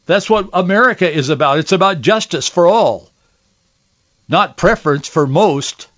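A man's voice: high voice, expressive, normal speed, a bit bright. A man hosting a political talk show, giving indignant, sarcastic commentary, often restarting his sentences. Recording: dull lo-fi audio.

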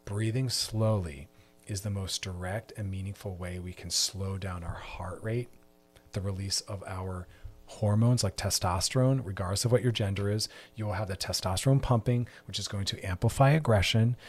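A man's voice: lowish voice, a little mellow, slightly rough. A man hosting a solo podcast, delivering an emphatic, preachy monologue with repeated refrains. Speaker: podcast host.

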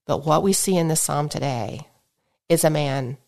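A woman's voice: low voice, normal speed, a little mellow. Congested woman Bible teacher exhorting listeners. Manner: earnest, exhorting, asks listeners direct questions.

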